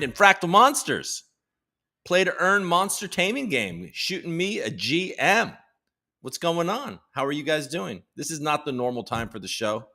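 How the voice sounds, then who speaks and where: A man's voice: medium pitch, bright, forceful tone. A man hosting a casual live stream, rambling and joking with lots of swearing, teasing his viewers and reading news headlines aloud. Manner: profane, rambling, self-mocking banter. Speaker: livestream host.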